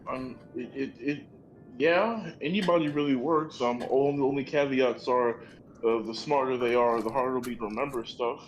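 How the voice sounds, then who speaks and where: A man playing a tabletop game who talks in a halting way, full of fillers. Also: medium pitch, a little hiss or hum, poor audio. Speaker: player. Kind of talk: casual tabletop play.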